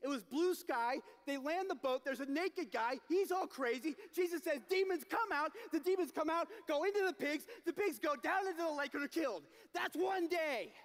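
A man telling a story as a dramatic sermon at a youth event, acting it out and shouting at the peaks. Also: very high voice, expressive, a little fast, few pauses. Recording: long hall reverb.

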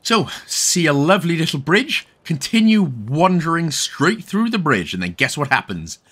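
A man's voice: fairly high pitch, big pitch swings, moderate pace, fairly bright tone, husky. A young Welsh man giving casual, jokey, rambling commentary over a game walkthrough. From Wales. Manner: rambling, jokey, self-correcting.

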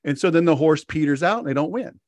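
A man's voice: fairly high pitch, expressive, quick pace, a little mellow, dry recording. Male podcast host, casual rambling storyteller, dry close sound. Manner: rambling storyteller, many fillers and restarts; acts out quoted characters in a sharply raised voice. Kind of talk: casual interview chat.

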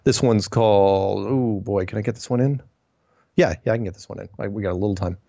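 A man hosting a solo show, reading listener emails and answering them in a wry, digressive way with puns and quick self-corrections. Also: on the low side, creaky, mellow, dry recording, dull audio. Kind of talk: casual solo commentary.

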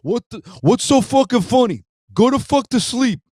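A man voicing a loud, macho wannabe-mobster with a Rhode Island East Coast accent, brash and tough-talking. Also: extremely high pitch, lively intonation, moderate pace, no room sound, studio quality, voice pushed up. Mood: angry yelling. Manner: shouting, brash, tough-guy drawl.

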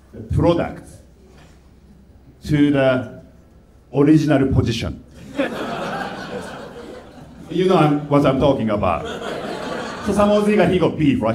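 A man with a Japanese accent doing a stand-up comedy set in halting, simple English, delivering deadpan complaints. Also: mid-range voice, roomy sound. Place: comedy club stage.

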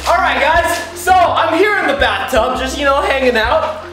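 An excited man hosting an unboxing vlog from his bathtub, shouting and giggling a lot. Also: extremely high pitch, normal speed. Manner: hyper, shouty, giggly, lots of slang. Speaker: vlogger host. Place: in a bathtub at home. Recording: echoey bathroom with background music.

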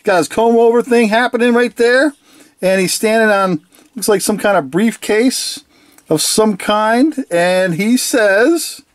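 A toy reviewer in a casual video review who giggles often, sounds excited, and playfully copies the toys' catchphrases. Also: medium pitch, measured pace, very noisy. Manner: giggly and enthusiastic, laughs often.

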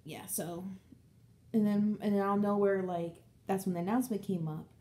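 A woman's voice: medium pitch, normal speed. A young woman vlogging casually about books, rambling through stories and acting out what friends and family said. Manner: rambling, animated storytelling with acted-out quotes. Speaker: book vlogger. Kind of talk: casual chat.

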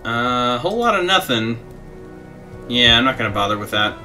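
With a medium-pitched, bright and forceful voice that swings widely in pitch, this young gaming streamer talks at a normal speed. He chats casually through his let's play, reads game text out loud and laughs at his own antics, while faint game music runs behind him.

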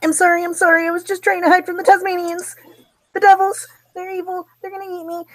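A woman voicing a timid, panicky young rabbit who talks in a squeaky, frightened, apologetic way. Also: flat delivery, fast, fairly bright tone, no room sound. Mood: panicked, apologetic.

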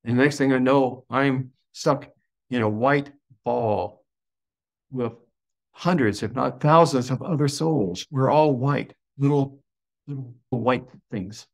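A man with a gravelly, creaky voice recounts a personal experience as a guest. He speaks slowly and in awe, and his voice jumps up when he gets excited. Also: medium pitch. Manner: slow, wondering delivery with sudden excited rises. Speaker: podcast guest. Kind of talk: personal storytelling.

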